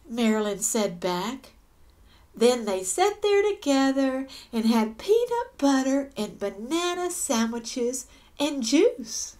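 A woman with a high, slightly mellow voice reads aloud from a children's picture book, taking her time with every line. Her expressive pitch swoops up and down, and she stops now and then for gasps and small asides to whoever's listening.

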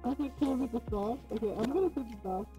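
A woman's voice: on the high side, fast, mellow, faint music behind. A woman streamer chatting to her viewers, giggly and puzzled. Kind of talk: casual live-stream chat.

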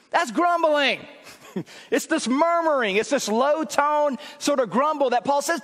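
A pastor preaching a sermon in a conversational style that rises to emphatic shouts. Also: male voice, very high voice, unhurried, big-room sound.

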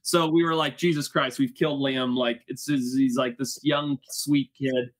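A man hosting a casual crew chat, telling a story in an animated way with laughter and acted-out quotes. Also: medium pitch, unhurried, a little hiss or hum, rough recording. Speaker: show host.

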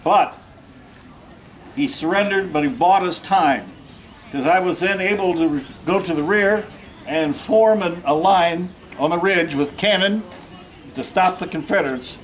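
Speaking a touch slowly in a high-pitched voice, a man comes through a rough recording with slight hiss or hum. At an outdoor event in a park, the reenactor takes on the role of a plainspoken Civil War Union general, sharing first-person war tales, folksy humor, and jokes that engage the crowd.

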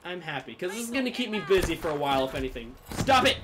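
Excitable gamer man yelling at his game. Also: fairly high pitch, fast, background noise. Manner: excitable, swings between muttering and yelling. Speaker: gaming YouTuber. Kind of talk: live gameplay commentary.

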